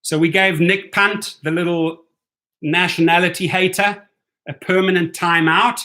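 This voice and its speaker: A man with a fairly high voice and a bright, forceful tone hosts a casual livestream. He talks loosely to his viewers and keeps checking in with "right?" as he goes. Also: steady tone, measured pace. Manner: chatty, keeps asking "right?". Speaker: rideshare channel host.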